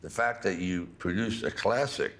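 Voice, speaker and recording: An older man hosting a relaxed conversational interview, talking in a slow, reflective drawl. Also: deep voice. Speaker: host.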